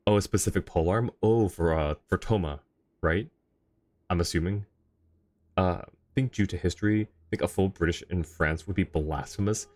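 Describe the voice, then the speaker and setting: Low-voiced chatty male streamer. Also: moderate pace, a little mellow. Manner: chatty, laughs often, rambling asides. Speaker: game streamer. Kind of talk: casual live commentary.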